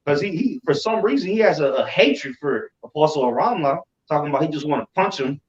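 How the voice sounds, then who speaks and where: A man recounts events in animated, casual chat, stumbling over repeated words and cursing as he goes. His voice sits a little high and comes from away from the mic. The sound is roomy and dull. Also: brisk, distant mic. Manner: animated, repeats himself, swears. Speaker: religious group member. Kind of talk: casual storytelling.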